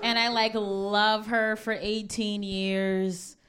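A woman in her thirties, from Ohio, doing a stand-up set on stage to a live audience. She talks in a laid-back, wry way at a mid-range pitch and drops in plenty of fillers between jokes. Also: level tone, takes it slowly, crowd noise. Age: 30s. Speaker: stand-up comedian.

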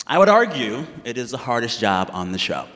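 A man's voice: medium pitch, big pitch swings, brisk, a bit bright. A man hosting a live stage conversation in front of an audience, talking in a playful, upbeat way. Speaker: host, interviewer. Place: large hall with live audience. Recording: live hall reverb, audience.

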